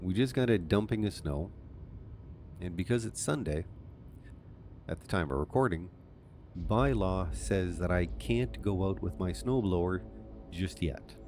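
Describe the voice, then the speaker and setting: A man's voice: sits low, unhurried, pauses often, darkish tone, faint music behind. A man from Canada giving rambling, self-amused commentary while playing a game as a channel host. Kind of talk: casual let's-play commentary.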